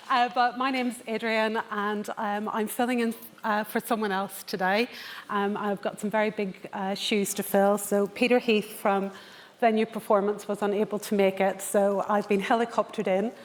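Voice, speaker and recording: A woman's voice: medium pitch, flat delivery, normal speed. A woman with a Northern Irish accent moderating a conference panel in a joking, self-deprecating way.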